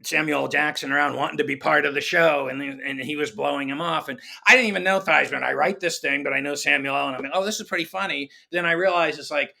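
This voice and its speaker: A middle-aged man telling showbiz stories in a relaxed chat, acting out the voices of the people he quotes with animated shifts. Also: on the high side, fast talker, vocal fry, few pauses. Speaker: guest comedy writer. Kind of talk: conversational storytelling.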